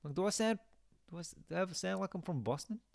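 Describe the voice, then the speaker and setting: A man's voice: high-pitched, expressive, very fast, vocal fry, no room sound, clean studio sound. A young man chatting casually on a game live stream, reading out viewer comments and musing aloud.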